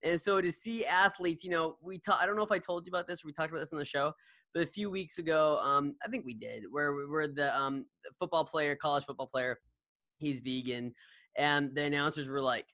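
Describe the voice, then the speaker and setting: A man's voice: fairly high pitch, a little fast, sharp tone, no room sound. A man co-hosting a podcast, chatting casually and rambling with many fillers and restarts. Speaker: podcast co-host.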